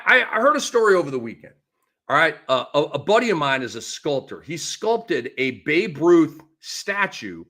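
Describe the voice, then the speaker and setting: A middle-aged man hosting a sports show, ranting excitedly in animated solo commentary. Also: a little high. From lives in the Tampa Bay area. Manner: excitable, ranting, quick shifts in volume.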